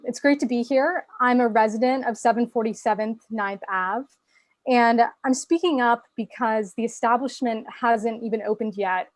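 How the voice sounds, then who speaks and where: Young woman from Boston, earnest measured complaint, dry close sound, video call. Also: on the high side, dry recording. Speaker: resident speaking at public comment. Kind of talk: public comment at a virtual meeting.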